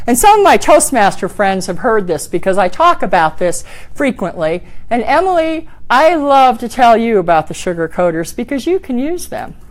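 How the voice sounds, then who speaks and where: Middle-aged woman, workshop speaking coach, lively swooping pitch, slightly high voice, classroom talk. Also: normal speed. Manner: animated, acts out voices for examples.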